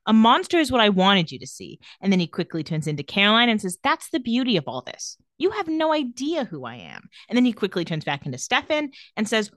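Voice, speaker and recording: A woman's voice: mid-range voice, big pitch swings, a little fast, few pauses, a bit bright, no echo, clean studio sound. A young adult woman co-hosting a casual podcast, retelling TV scenes and acting out the characters' lines in playful voices. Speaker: podcast co-host recapping a TV episode. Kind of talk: casual chat.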